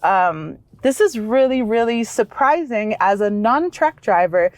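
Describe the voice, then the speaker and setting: Excitable woman vlog co-host, casual car chat, higher voice. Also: unhurried, no room sound. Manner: bubbly, excitable, laughs easily. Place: inside a vehicle and outdoors beside it.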